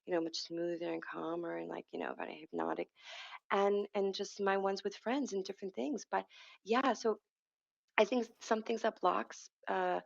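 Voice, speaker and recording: Woman, podcast guest, hypnotherapist, rambling, restarts, gravelly voice. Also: mid-range voice, steady tone, moderate pace, muffled recording. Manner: rambling, with frequent restarts and self-corrections. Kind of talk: casual conversational interview.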